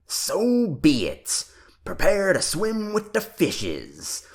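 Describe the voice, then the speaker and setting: A reader voicing a playful mother who bellows lines as a pirate chasing her children, in a loud, theatrical audiobook character voice. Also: medium pitch, huge pitch swings, very slow, pitched above the performer's own voice, heavily acted. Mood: bellowing, playful.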